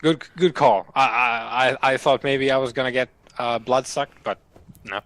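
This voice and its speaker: A man's voice: medium pitch, steady tone, normal speed, fairly bright tone, a little hiss or hum. A man playing a tabletop game, talking hesitantly with many restarts. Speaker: player. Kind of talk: casual tabletop play.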